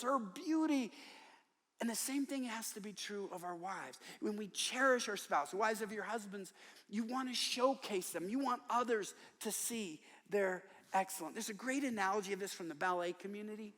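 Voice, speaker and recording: Lively older man preaching in a big hall. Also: high-pitched, moderate pace. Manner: storytelling, animated, acts out quoted voices. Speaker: guest preacher. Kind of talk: sermon. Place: large church worship center.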